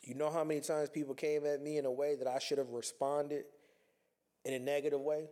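A man's voice: a little high, little pitch movement, fairly quick, warm tone. A man talking earnestly in a reflective personal monologue, conversational and repeating himself as he works through his thoughts.

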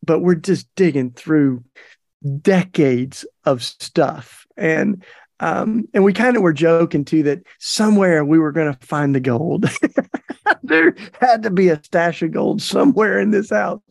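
A man's voice: fairly high pitch, expressive, a little slow, vocal fry, dry recording, clean studio sound. A middle-aged man hosting a podcast, telling a story in a chatty, folksy way with plenty of fillers. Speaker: podcast host. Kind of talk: casual storytelling monologue.

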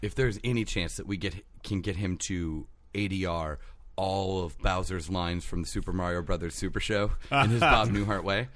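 A man's voice: low-pitched, moderate pace. A man co-hosting a comedy podcast, talking casually and rambling with lots of "like". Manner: rambling, animated, lots of fillers. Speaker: podcast co-host.

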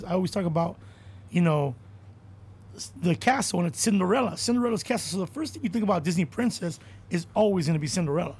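A male comedian hosts a casual chat and rambles on, profane and quick to laugh. His voice is high for a man and has a husky edge. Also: darkish tone. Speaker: comedian, podcast host.

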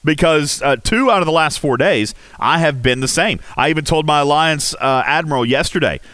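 Casual game stream host guy, animated, lots of uh and um, dead dry mic. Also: on the high side, moderate pace, no room sound. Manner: animated, rhetorical, many fillers. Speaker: livestream host. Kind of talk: casual game commentary chat.

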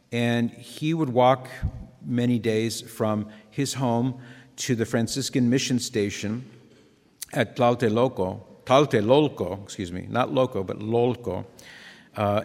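Male preacher, earnest and conversational, long reverb from a hall. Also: fairly low pitch. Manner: conversational, earnest, digressive with asides. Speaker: Catholic preacher. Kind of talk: sermon.

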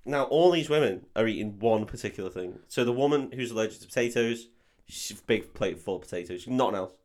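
A man's voice: on the low side, lively intonation, brisk, a little mellow. A man co-hosting a podcast, recapping a film in sweary, laughing casual chat and acting out scenes in silly voices.

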